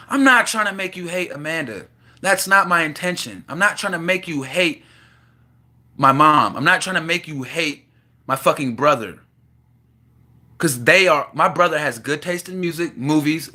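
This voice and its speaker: A man's voice: a little high, pushed and bright. A man venting in an impassioned, profane monologue to the camera. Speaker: vlogger.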